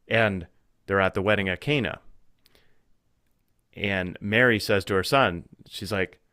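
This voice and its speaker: A man talking as a podcast guest in a casual conversation, thinking aloud with restarts and growing animated when he retells stories. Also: low voice, unhurried, smooth, no echo, clean studio sound. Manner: thoughtful, with frequent restarts and fillers.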